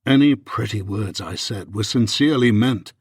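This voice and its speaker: A man voicing an earnest, remorseful young Regency husband in an audiobook, with a husky, pleading delivery. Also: lowish voice, normal speed, a little mellow, dry recording, studio quality. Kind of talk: audiobook reading.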